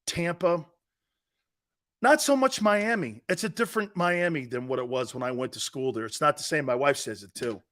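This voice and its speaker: A middle-aged man with an East Coast American accent, hosting a sports talk show in brash, loud, joking banter. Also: on the high side, moderate pace. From Northeastern United States. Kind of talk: casual live show banter.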